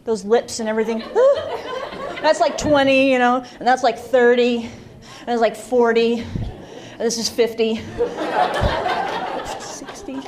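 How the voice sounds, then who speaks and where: A woman's voice: on the high side, fairly even intonation, a little slow, pauses often. A woman from Utah doing a self-deprecating stand-up comedy set on a club stage, teasing the audience. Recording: live club with loud crowd noise.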